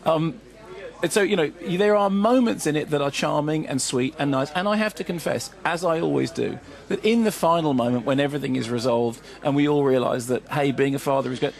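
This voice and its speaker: Fast, gravelly film critic. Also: male voice, on the high side. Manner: fast, digressive and wry, with many asides. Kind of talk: radio film review.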